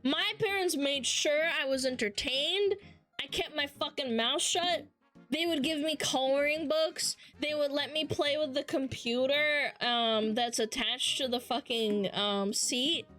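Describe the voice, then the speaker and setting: A young woman chats on her stream in a high, bright voice, swearing casually as she tells stories. Her telling is lively and animated, and faint music plays softly underneath. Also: measured pace. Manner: profane, animated storytelling. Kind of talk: casual chat reading chat.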